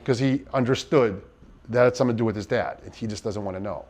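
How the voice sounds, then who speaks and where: A man in an interview, giving personal testimony in a halting, earnest way with many restarts. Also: lowish voice, darkish tone. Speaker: interviewee in a docuseries.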